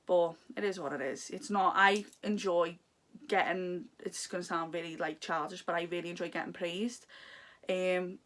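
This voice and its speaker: A woman's voice: lowish voice, steady tone, normal speed, a bit bright. A young woman vlogging at home, talking in a heartfelt, confiding, rambling way about her life. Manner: heartfelt, confiding, talks in long rambling runs. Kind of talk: candid personal vlog chat. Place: home room.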